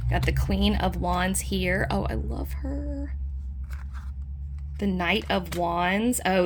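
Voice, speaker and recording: Against slight background noise, a woman with a low voice and fairly bright tone chats her way through a tarot deck in a casual flip-through. She's enthusiastic, full of fillers, and puts on playful dog voices for quotes.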